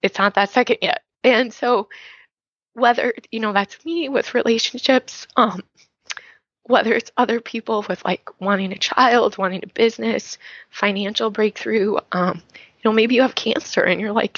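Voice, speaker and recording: A woman speaking as a guest on a podcast, earnest and heartfelt, with a gravelly fry in her voice. The sound is dry and a little dull, as if captured on a modest mic. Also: medium pitch, steady tone, normal speed, fairly bright tone, dry recording. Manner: earnest and heartfelt, with many fillers. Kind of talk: podcast interview conversation.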